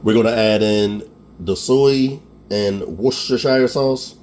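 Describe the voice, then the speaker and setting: There's slight background noise as a man with a fairly low, darkish voice and a Philadelphia accent hosts a home cooking tutorial, talking a little slowly. Chatty and self-deprecating, he repeatedly checks in with "okay?".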